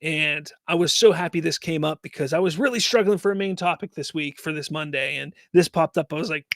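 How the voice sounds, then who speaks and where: A man's voice: on the high side, a little fast, creaky, fairly bright tone, dry recording, studio quality. A man hosting a live fan news stream, reading chat comments aloud and ranting with exasperated rhetorical questions.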